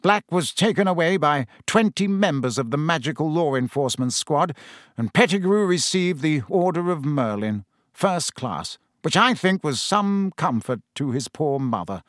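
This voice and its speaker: A man's voice: fairly high pitch, lively intonation, normal speed, no echo, clean studio sound, pitched above the performer's own voice, natural voice. Self-important official, middle-aged man read by the narrator, pompous, slightly raised voice. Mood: earnest.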